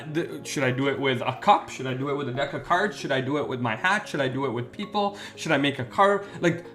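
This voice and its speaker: A man who works as a wedding MC and magician, hosting a casual interview and talking in an animated, rambling way with restarts. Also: a little high.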